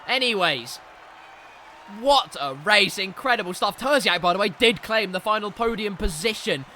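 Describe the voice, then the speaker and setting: A man commentating live on a sim racing league race, hoarse from shouting, excitable and yelling at the big moments. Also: high-pitched, normal speed, slight background noise.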